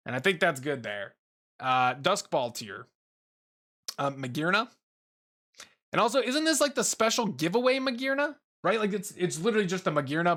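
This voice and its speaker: A young man with a bright, clear voice talks loosely through his rankings. He rambles, swears offhand and fills gaps with ums and uhs. His pitch sits in an ordinary middle range. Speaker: YouTuber ranking Pokemon. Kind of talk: casual commentary while making a tier list.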